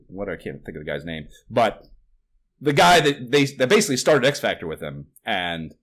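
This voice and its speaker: A man in casual podcast chat, rambling through his thoughts with lots of fillers and swearing. He jumps up into loud, incredulous bursts and then drops back to a low mutter. His voice sits at an ordinary middle pitch. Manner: rambling, swears often, animated outbursts of disbelief. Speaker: podcast co-host.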